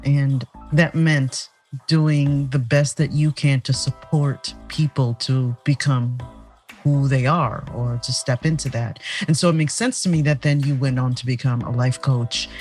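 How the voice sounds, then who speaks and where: Calm woman podcast host. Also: a bass voice. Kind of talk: interview talk.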